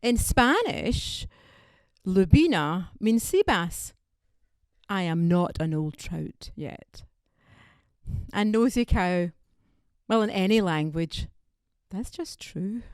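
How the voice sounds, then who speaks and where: A woman's voice: mid-range voice, lively intonation, slow, long pauses, no room sound, studio quality. A woman from Scotland, performing a wry, punchy stand-up comedy set. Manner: wry, punchy delivery with quoted voices.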